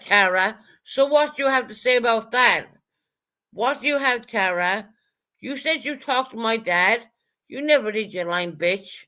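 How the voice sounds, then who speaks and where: A woman on a livestream rants at her chat in a heated, profane stream of talk. She keeps circling back to the same accusations and singles out viewers by name. Her voice sits at a middle pitch for a woman. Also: moderate pace, sharp tone. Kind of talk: angry livestream rant.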